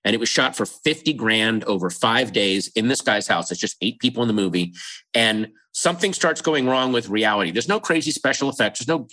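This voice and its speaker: Male podcast guest, eager animated storyteller, bright edge, mid pitch. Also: low-quality recording. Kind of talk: casual comedic chat.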